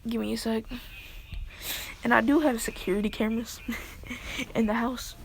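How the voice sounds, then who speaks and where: Rambling young woman with a gravelly voice. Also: fairly high pitch, fairly even intonation, moderate pace, a little hiss or hum. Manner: rambling, filler-heavy. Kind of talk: casual storytelling.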